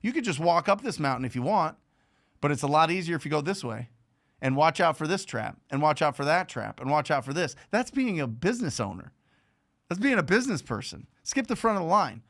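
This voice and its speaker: Male host, fairly high voice, energetic motivational speaker, repeats and asks rhetorical questions. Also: a little fast, gravelly. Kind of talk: motivational talk.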